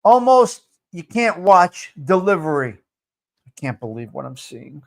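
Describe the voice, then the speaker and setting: A man's voice: sits high, sing-song, unhurried, creaky. A man hosting a live stream, answering viewer comments in a blunt, profane, repetitive rant. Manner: blunt and fired up. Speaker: live-stream show host.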